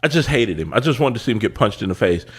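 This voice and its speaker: A man hosting a podcast, telling stories in casual chat with animated delivery and casual swearing. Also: lowish voice, quick pace, husky. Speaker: podcast host.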